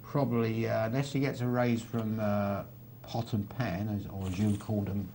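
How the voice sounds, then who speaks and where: A man's voice: lowish voice, flat delivery, normal speed, mellow, a little hiss or hum. A man gives live poker commentary, walking through each hand with a chatty manner and dry teasing asides to his co-host.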